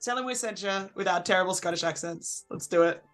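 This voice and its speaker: Bright-voiced stream co-host, rambling chat. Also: medium pitch, brisk, faint music behind. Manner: rambling, with many fillers and restarts. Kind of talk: casual end-of-stream chat.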